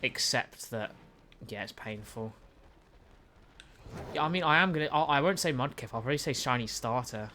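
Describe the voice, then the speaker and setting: Young british guy streaming, rambly, keeps restarting his sentences, mid pitched, bit of faint noise behind. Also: lively intonation, moderate pace, bright, forceful tone. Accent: British English. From United Kingdom. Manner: rambling, stumbling restarts, reads and answers chat. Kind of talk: casual live-stream chat while gaming.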